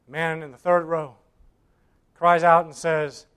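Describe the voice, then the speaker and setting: A male preacher telling a story in a sermon, swinging between loud bursts and near whispers and acting out the voices of the people in it. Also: a little high, little pitch movement, measured pace, long pauses, smooth. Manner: acts out voices in his stories.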